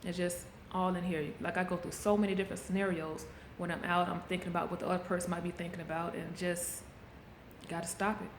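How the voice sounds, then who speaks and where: Her pitch is fairly low and barely moves, and she talks fast, with a little hiss or hum on the track. The middle-aged woman is vlogging on a handheld camera, frankly coaching viewers in a casual motivational style, her room echoey with faint background ambience.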